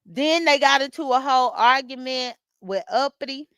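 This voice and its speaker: A woman with a high, smooth voice talks with her viewers in a small room at home, and the sound is dry and close. She chats loosely, laughs a lot, and calls out commenters by name. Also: normal speed, sharp tone, no echo. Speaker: vlogger recapping livestream drama. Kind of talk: casual chat to viewers while getting ready.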